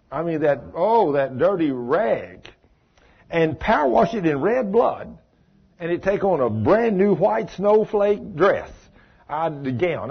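A man's voice: a little high, slightly rough. A man teaching an informal Bible study, folksy, asking listeners questions and calling them by name. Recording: dull lo-fi recording.

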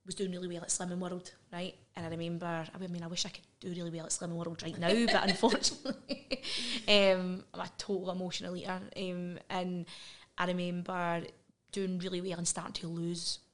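A woman's voice: lowish voice, little pitch movement. Frank Scottish woman recounting her story. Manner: earnest, frank, quick asides and laughs. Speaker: podcast guest. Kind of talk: candid personal interview.

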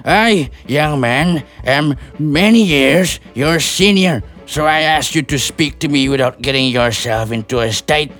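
A man's voice: on the high side, a little slow, few pauses, a bit bright, soft background music. A man playing a blustering, stubborn older landowner who stammers and keeps trailing off with "and so on". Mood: flustered. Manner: stammering, repeats "and so on". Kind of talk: amateur stage play reading.

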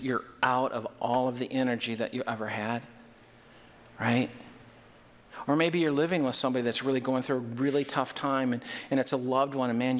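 A male pastor giving a conversational sermon, animated and full of rhetorical questions to the congregation. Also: medium pitch. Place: church. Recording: reverberant hall.

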